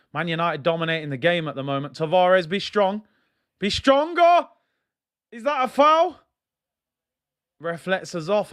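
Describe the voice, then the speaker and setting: A young man giving excitable, slang-heavy live commentary as he watches a football match, now and then bursting into shouts. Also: fairly high pitch. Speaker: football fan streamer.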